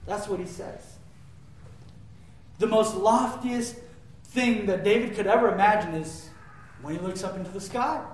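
A man's voice: high-pitched, measured pace, pauses often. Man preaching in a very echoey room. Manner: emphatic preaching that swings between loud declarations and hushed asides; asks the audience rhetorical questions. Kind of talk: sermon. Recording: very echoey room, mic far off.

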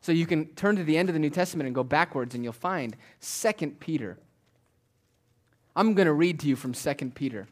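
A pastor preaching a sermon, moving between forceful declarations and quiet, almost whispered asides. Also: male voice, fairly high pitch, animated, fairly quick. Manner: swings from loud declaring to hushed near-whispers.

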